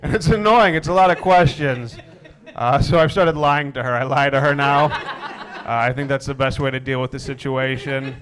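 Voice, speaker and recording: A young man performing a stand-up comedy set, deadpan with wry asides that build into exasperated rants. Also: medium pitch, normal speed, noisy background. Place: comedy stage before a live audience.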